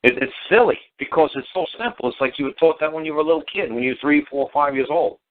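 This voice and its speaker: A man's voice: fairly high pitch, fast talker. A man, a talk show host, telling a long story in a casual, rambling way, repeating himself and swearing as he goes. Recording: tinny phone-line audio.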